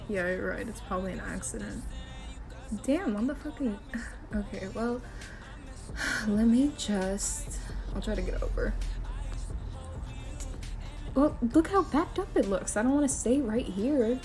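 Sweary woman insisting she's calm. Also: fairly high pitch, takes it slowly, long pauses, music in the background. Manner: sweary, talks to the listener, insists she is calm. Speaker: girlfriend driving her partner home. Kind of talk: first-person role-play skit. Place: in a car.

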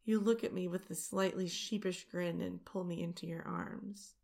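A woman telling an intimate first-person story as whispered role-play, in a soft, hushed voice. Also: on the low side, gravelly.

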